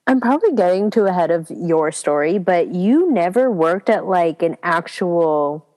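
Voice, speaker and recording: Young woman co-host, lowish mellow voice, chatty and joking, long reverb. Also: lively intonation, moderate pace. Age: young adult. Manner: chatty, laughs often, joking. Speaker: podcast co-host. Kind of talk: casual chat.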